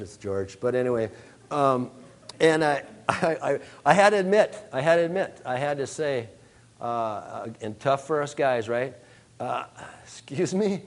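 A man delivers a sermon in the voice of a storyteller, with a somewhat higher pitch than most men. He acts out his own reactions with big swings in volume, then settles into earnest preaching. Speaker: pastor.

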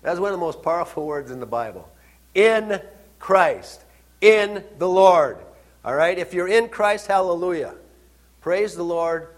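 A man delivering a sermon in a somewhat high voice. He repeats key words, poses questions to his congregation, and moves between hushed, low asides and loud, driving lines. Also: brisk. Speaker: pastor. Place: church service.

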